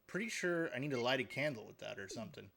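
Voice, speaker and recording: A man's voice: mid-range voice, expressive, fast, gravelly, a bit bright, a little hiss or hum. A man giving live gameplay commentary as a streamer, joking and chatting with his viewers while he plays.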